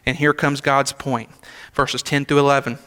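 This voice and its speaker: Preaching in a church sanctuary, a young adult senior pastor speaks conversationally and emphatically, adding rhetorical asides. His medium-pitched voice is pushed and bright but flat in delivery at normal speed, and the room adds a long hall reverb.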